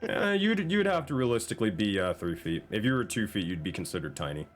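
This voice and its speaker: A man's voice: on the low side, big pitch swings, quick pace, soft background music. A man running a tabletop game on stream, talking casually, exasperated and swearing often. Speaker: game master.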